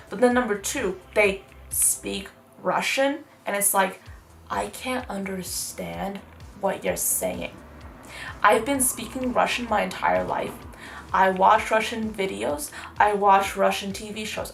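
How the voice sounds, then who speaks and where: A young woman talks her way through a makeup routine in a loose, rambling chat. Her voice has a gravelly, fry-heavy edge, and faint music plays underneath. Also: mid-range voice, fairly bright tone. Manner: chatty, rambling, heavy use of "like". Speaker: beauty vlogger. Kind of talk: casual makeup tutorial chat.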